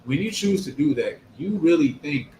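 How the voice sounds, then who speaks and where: A man's voice: fairly high pitch, lively intonation, moderate pace, dark tone, a little hiss or hum. A man chatting in a religious discussion, speaking bluntly and dismissively. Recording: echoey room.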